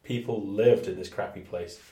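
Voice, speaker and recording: A man playing a tabletop game, blurting out gasps and quick ideas. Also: on the low side. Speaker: player. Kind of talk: casual game chat. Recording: echoey room with faint noise.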